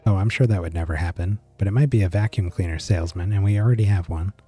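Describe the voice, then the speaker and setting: A man's voice: low voice, quick pace, warm tone, breathy edge, soft background music. A man reading the lines of a curious young boy heard over an old radio, in an eager, chattering way.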